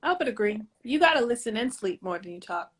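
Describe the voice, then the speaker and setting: A woman guesting on a live video call, chatting casually in a relaxed, rambling way. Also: fairly high pitch, quick pace. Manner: relaxed, rambling, lots of fillers like "like" and "um". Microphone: phone on a live video call.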